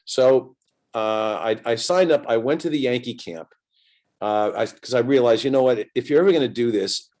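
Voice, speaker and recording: A man's voice: mid-range voice, moderate pace, darkish tone. A man in his sixties telling a long anecdote in a casual interview, acting out both sides of the conversations as he goes. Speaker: guest entertainer.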